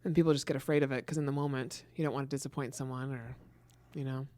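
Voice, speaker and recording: A woman co-hosting a podcast in casual chat, earnest and quick to laugh, with frequent affirming murmurs. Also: a bass voice, fairly even intonation, darkish tone. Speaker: podcast co-host.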